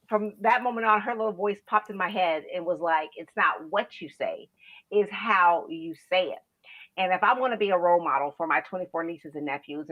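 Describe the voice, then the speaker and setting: A woman speaking as a guest over a video call, telling her story in an earnest, chatty way with frequent "you know"s. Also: on the low side. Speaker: guest, founder of a kindness initiative. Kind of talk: casual interview monologue. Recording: dull lo-fi video call audio.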